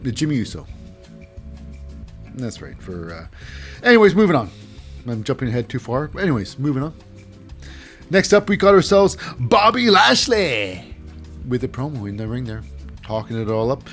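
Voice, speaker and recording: A man's voice: medium pitch, very animated, moderate pace, pauses often, a bit bright, faint music behind. A man hosting a casual wrestling recap, rambling with sarcastic asides. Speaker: host.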